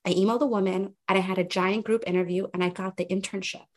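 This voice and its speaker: A woman's voice: medium pitch, fast talker. A young woman journalist telling her career story as a podcast guest, chatty with lots of fillers. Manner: chatty, filler-heavy, animated retelling. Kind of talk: casual interview storytelling.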